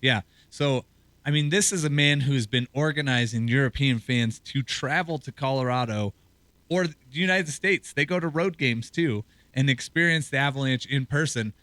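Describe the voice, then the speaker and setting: A man co-hosting a sports talk show as a hockey reporter, talking in a loose, rambling way with a hoarse, scratchy throat. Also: medium pitch, moderate pace, fairly bright tone, no echo. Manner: loose, rambling conversational delivery.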